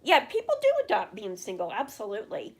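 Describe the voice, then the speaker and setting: A woman's voice: medium pitch, huge pitch swings, fast talker, breathy edge. A middle-aged woman, chatting on a casual livestream and answering viewers' questions. She rambles with many fillers and restarts and talks openly about her feelings. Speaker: livestream host.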